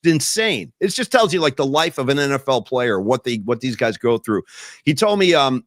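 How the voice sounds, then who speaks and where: A man hosting a podcast, telling stories in an animated, emphatic way over casual chat. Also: medium pitch, normal speed, no room sound, studio quality. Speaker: podcast host.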